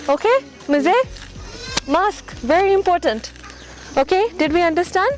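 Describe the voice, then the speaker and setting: A woman's voice: very high-pitched, unhurried, poor audio. A woman teaching children how to use sanitizer and face masks, speaking through a mask, patient and repetitive, checking often that they understood. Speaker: charity volunteer teaching children. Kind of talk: instructing children. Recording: music playing under the speech. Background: loud background music.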